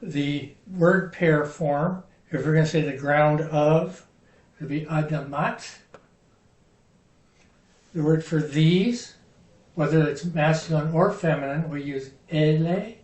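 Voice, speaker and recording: A man's voice: a little high, darkish tone. A man teaching a Hebrew vocabulary lesson, patiently giving each word, its meaning and where the stress falls. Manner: slow, patient, spells out words and stresses. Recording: roomy sound from a distant mic.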